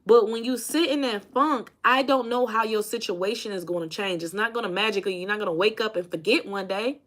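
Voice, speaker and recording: A woman's voice: medium pitch, a little fast, fairly bright tone. A woman from Indiana, a life coach, giving an emphatic, casual motivational talk to her viewers, repeating phrases and calling them y'all.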